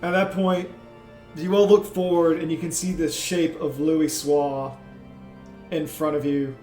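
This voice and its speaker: Male game master, slow narration, higher voice; echoey room, faint music. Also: level tone, dark tone. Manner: unhurried, with frequent "like" and trailing pauses.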